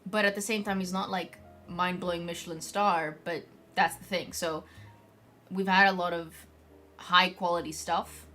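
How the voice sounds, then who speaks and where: A woman's voice: on the low side, steady tone, moderate pace, bright, forceful tone, soft background music. A young woman streaming as a vtuber, chatting casually to her viewers and rambling with lots of filler words. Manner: rambling, heavy use of "like" fillers. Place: home streaming setup.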